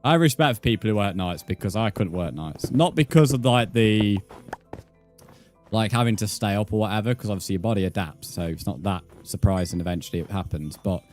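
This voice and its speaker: A man's voice: lowish voice, brisk, a little mellow, soft background music. A British man chatting casually while livestreaming a game, swearing freely and muttering counts under his breath. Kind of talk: casual gaming livestream chat.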